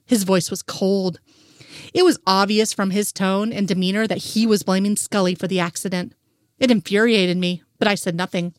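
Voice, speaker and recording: A woman's voice: mid-range voice, fairly even intonation, moderate pace, no room sound. Woman reading a story aloud, dry sound. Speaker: story reader. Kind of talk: reading romantic fan fiction aloud.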